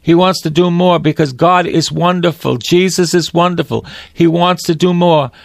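A man's voice: fairly high pitch, fairly even intonation, moderate pace, gravelly, no room sound, clean studio sound. A man, a priest, preaching on a broadcast in a fervent, pleading way, repeating his phrases.

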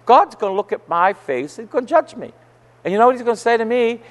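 A male Catholic priest preaching a sermon, telling stories emphatically and rising to forceful outbursts. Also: very high-pitched, sing-song, fast talker. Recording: long church hall reverb.

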